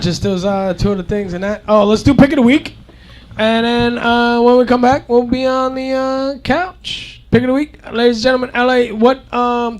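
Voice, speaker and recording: A man's voice: very high-pitched, vocal fry. A man hosting a casual comedy show, hyping up his guests. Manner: hypes up guests. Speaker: host.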